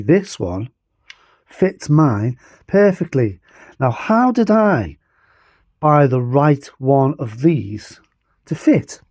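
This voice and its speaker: A man from the UK talks through a bike tool in a relaxed home vlog. His delivery rambles in a chatty, self-deprecating way. His voice has a mellow, dark tone. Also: mid-range voice. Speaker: bike vlogger. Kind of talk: casual demonstration vlog.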